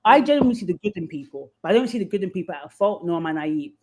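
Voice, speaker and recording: A woman's voice: on the low side, animated, rapid-fire, a little mellow. A woman guest giving candid advice in conversation, acting out the voices of people she quotes. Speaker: podcast guest.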